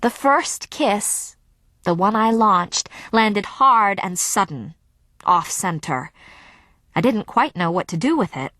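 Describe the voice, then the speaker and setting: Measured, expressive woman narrator. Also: medium pitch, dry recording. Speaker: audiobook narrator. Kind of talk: scripted audiobook narration.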